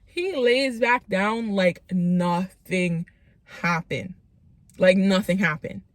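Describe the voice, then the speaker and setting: A woman telling a story to her channel's viewers in a casual storytime vlog. She is animated, says "like" a lot and acts out what people said. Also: mid-range voice, slow, no room sound. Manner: animated, lots of "like", acts out quotes.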